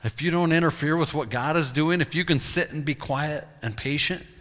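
A male pastor preaching a sermon, retelling a story in an animated storytelling way. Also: on the high side, moderate pace. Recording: long hall reverb.

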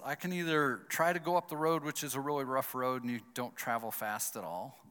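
A man telling a personal story with a moral, acting out his own thoughts as he goes. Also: mid-range voice. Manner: animated, acts out his own inner thoughts. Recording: long hall reverb.

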